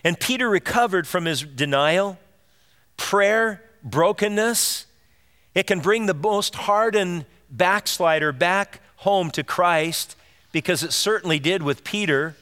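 A man's voice: high voice, slow pace, sharp tone. A man preaching a sermon as pastor, earnest and direct, asking his listeners rhetorical questions. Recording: long reverb of a large hall.

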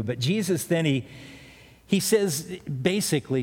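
A middle-aged man preaches, weaving scripture into relaxed personal stories as a pastor. His voice sits a little high for a man. The sound carries a long, echoing reverb, as if from a church hall. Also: measured pace, breathy edge. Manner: conversational storytelling preaching with asides. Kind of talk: sermon.

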